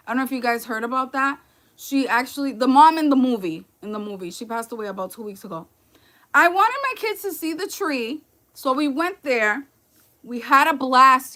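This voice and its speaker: Casting: New York woman in her thirties, high bright voice, chatty livestream host. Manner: chatty, storytelling, addresses viewers as y'all. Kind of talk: casual livestream chat.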